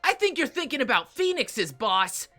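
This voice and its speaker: Guy voicing a loud cackling wasteland war boy, young and rowdy, bright edge. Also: very high-pitched, sing-song, normal speed, faint music behind, voice pushed up, heavily acted. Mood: mocking.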